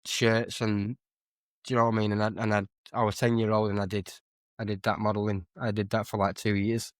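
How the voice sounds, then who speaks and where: A man's voice: on the low side, little pitch movement, brisk, no echo. A young man, chatting casually as a podcast guest and telling rambling, self-correcting stories. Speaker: guest streamer and musician.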